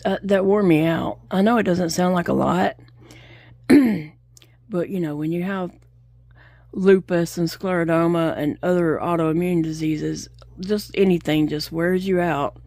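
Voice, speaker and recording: Chatty woman, low voice. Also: gravelly, darkish tone, no echo. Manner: chatty, storytelling, laughs often, drawls. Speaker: crochet vlogger. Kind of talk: casual chat while crocheting. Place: home.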